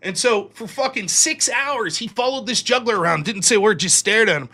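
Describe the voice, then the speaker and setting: A man's voice: high-pitched, expressive, brisk, pushed and bright. A male live stream host telling profane, rambling anecdotes in a casual storytelling way.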